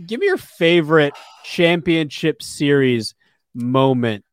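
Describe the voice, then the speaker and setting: A man's voice: a little high, slow, clear, resonant tone, dry recording. A man in his twenties co-hosting a sports podcast, chatting casually and telling stories with many fillers. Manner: relaxed, storytelling with fillers. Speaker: podcast co-host.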